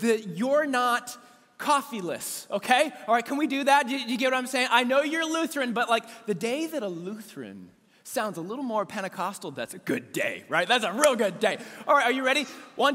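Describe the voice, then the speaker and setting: High, bright, excitable man preaching. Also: a little hiss or hum. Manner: excitable, cheering the room into call-and-response. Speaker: pastor. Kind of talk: energetic sermon to a congregation. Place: church sanctuary. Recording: echoey church sanctuary with long reverb.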